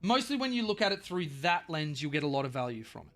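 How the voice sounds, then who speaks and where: An Australian man with a high-set voice, rambling casually on a stream as he paints miniatures. He is loose and profane and drifts into bits of silly wordplay. Soft music plays quietly behind him. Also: sing-song, fast. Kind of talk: casual live-stream chat.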